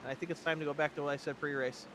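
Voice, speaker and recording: Fast-talking, joking male race commentator. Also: on the high side, background noise. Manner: joking, rapid, excitable banter. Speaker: color commentator.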